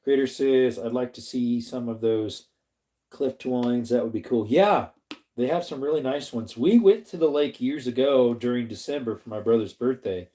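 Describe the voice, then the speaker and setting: With a warm, mid-range voice at normal speed, this middle-aged man from Arizona runs a relaxed livestream. He reads chat aloud in a rambling, talkative way, often laughing and saying hello to viewers by name.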